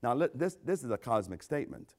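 An older man preaching a sermon as pastor, swinging between loud emphasis and quiet asides. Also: mid-range voice, very animated, brisk.

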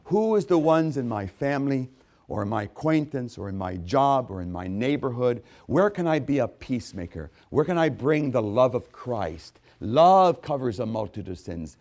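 A man preaching a sermon, swinging from hushed, intimate storytelling to loud, rising exhortation. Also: sing-song, moderate pace. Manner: dramatic swings from hushed to booming. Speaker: pastor.

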